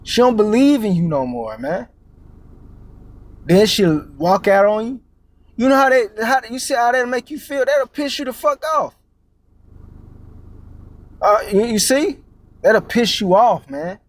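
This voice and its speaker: A man with a noticeably high voice delivers a casual street-style sermon. He cusses freely, drops "man" and "you know" constantly, and stalls on stammered repeats before pushing his point. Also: expressive, moderate pace. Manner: casual and profane, many fillers and "man", "all right?"; repeats words while searching, stammering restarts. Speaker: preacher.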